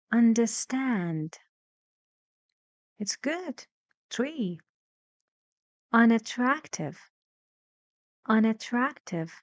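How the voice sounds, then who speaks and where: A woman teaching English pronunciation, saying each word slowly and clearly and repeating it for students to copy. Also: medium pitch, no room sound. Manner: slow, deliberate, repeating each word for practice. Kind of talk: pronunciation lesson.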